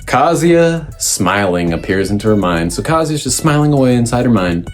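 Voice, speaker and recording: A man hosting a casual manga review, rambling with fillers and restarts and jumping up in pitch when he quotes characters. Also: normal speed, soft background music. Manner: lively, pitch jumps up when quoting characters. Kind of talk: casual recap commentary.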